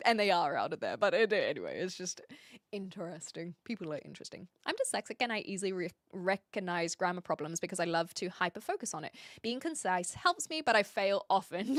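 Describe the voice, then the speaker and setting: A woman's voice: mid-range voice, a bit bright, no room sound, clean studio sound. Bubbly New Zealand woman streamer. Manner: chatty, laughs often, reads and answers chat. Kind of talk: casual live-stream chat.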